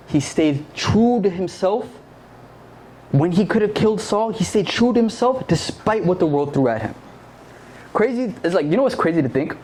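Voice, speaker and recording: A man's voice: sits high, a little mellow, slight background noise. Slangy young man preaching to youth. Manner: conversational, slangy, quizzes the audience with questions. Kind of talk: casual sermon. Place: church service.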